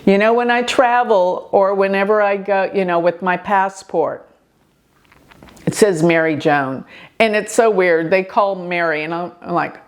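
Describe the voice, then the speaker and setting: An older woman speaks slowly and deliberately, sharing a personal story from her own life. She is an astrology host, and her telling is earnest and expressive, with her pitch sitting in a middle register.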